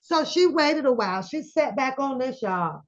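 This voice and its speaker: A woman hosting a casual commentary channel, telling a story with lively acted-out quotes. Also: sits high, moderate pace, dull audio. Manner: animated storytelling, acts out quoted voices.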